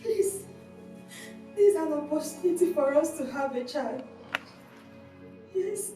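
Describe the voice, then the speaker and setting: Nigerian woman grieving queen, very high and slow, far off in heavy echo. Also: expressive, mellow, soft background music. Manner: tearful, begging. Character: grieving queen who lost a child. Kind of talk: film acting. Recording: very echoey, from afar.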